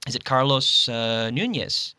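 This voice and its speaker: Male interviewer from Canada, bright forward tone, dry close mic, friendly and talkative. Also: mid-range voice, animated, unhurried, clean tone, no room sound. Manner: friendly, chatty questions with frequent agreement. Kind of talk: casual interview chat.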